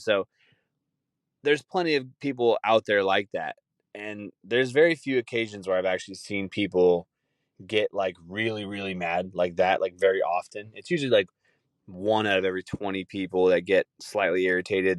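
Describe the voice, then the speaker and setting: Young dude rambling thru a story, lots of swearing, lowish voice, real dry close sound. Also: male voice, dry recording. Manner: rambling, swears a lot, mimics people he tells about. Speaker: podcast host. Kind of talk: casual storytelling chat.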